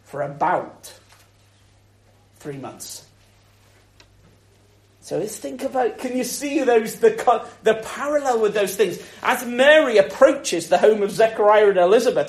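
A man preaching a Christmas sermon in a lively, conversational way, asking the listeners rhetorical questions. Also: extremely high pitch. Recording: echoey room.

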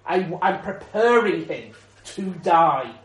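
A man preaching a sermon voices a devoted woman who speaks softly and resolutely, holding nothing back. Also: high-pitched, big pitch swings, slow pace, roomy sound, heavily acted. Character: devoted woman, calm and certain in her love.

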